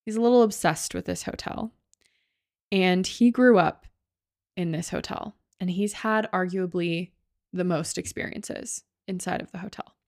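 Woman, podcast co-host, slightly low voice, loose chatty retelling, dry close sound. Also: unhurried, vocal fry, darkish tone, no room sound. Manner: loose, sweary storytelling with many likes. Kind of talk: casual chat recapping a ghost-hunting show.

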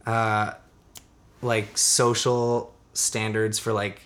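A man's voice: fairly low pitch, little pitch movement, drawn-out words, fairly bright tone. Casual male podcast co-host, loose and rambling, laughs a lot, curses freely. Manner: laid-back, rambling, laughs often, swears freely. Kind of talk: casual chat.

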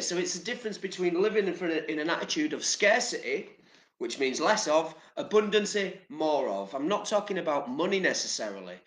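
A man's voice: sits high, a bit bright, echoey room. An English man giving casual motivational talk to camera, chatty and rambling, with casual swearing. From England. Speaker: vlogger.

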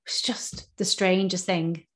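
A woman guest on a podcast, candidly telling a personal story in casual chat, animated and full of restarts. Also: fairly low pitch, slow.

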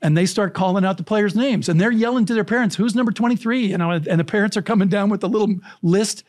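A middle-aged man spinning animated anecdotes as a podcast guest. His voice sits a little higher than most men's, and he jumps into quoted lines and breaks into frequent laughs. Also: fast talker. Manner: lively, acts out quotes, laughs often. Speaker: storytelling coach, podcast guest.

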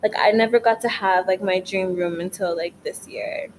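The recording is rough, with slight background noise, as a young woman talks at a moderate pace in a mid-range voice with fairly even intonation. It's a late-night bedroom vlog where she rambles, swears and fills gaps with "like," tired but wired.

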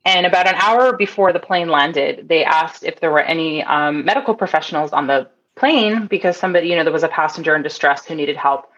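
A woman in her thirties from Toronto, with a fairly low voice, tells a story as a guest in a relaxed interview. She is animated and acts out the people she quotes, and her speech is loose and full of restarts. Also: brisk, hardly any pauses, lo-fi sound. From Toronto, Canada. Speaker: guest, nurse.

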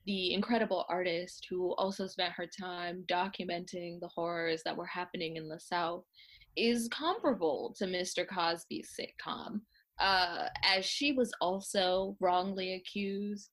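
A woman voicing a grand, self-regarding older actress famed as a sitcom mother, speaking slowly and stately with haughty poise. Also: lowish voice, steady tone, fairly bright tone. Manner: slow, stately, haughty speech. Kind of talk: comedic impression.

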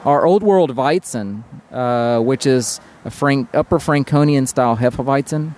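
A man's voice: medium pitch, a little slow, darkish tone. A man speaking as a brewery guest in a casual podcast conversation, easygoing and hesitant, with many fillers.

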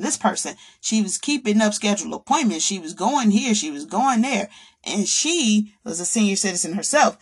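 A woman's voice: mid-range voice, breathy edge. Preachy woman podcast host. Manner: preachy, addresses listeners as brothers and sisters; acts out quoted complaints in a raised voice. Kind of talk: faith-based motivational talk.

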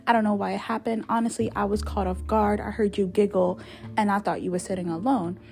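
A woman's voice: mid-range voice, fairly even intonation, fairly quick, gravelly, a little mellow, close to an everyday voice. A woman voicing a flustered young man who rambles through sheepish apologies in a spoken story.

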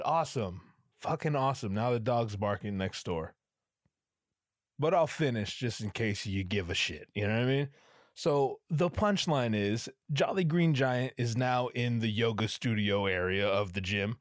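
A man with a hoarse, strained throat rambles through a casual comedy podcast monologue, swearing and sarcastic, in a mid-range voice. The sound is dry and close, with no room to it. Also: mid-range voice, no room sound. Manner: profane, rambling, sarcastic storytelling. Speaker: podcast host.

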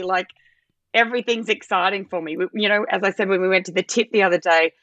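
A woman, a podcast guest, chatting casually and telling animated stories, jumping into a much higher voice when she quotes herself. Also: fast talker, no room sound. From Australia. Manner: animated storytelling, acts out her own quoted lines in a much higher voice. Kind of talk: casual interview chat.

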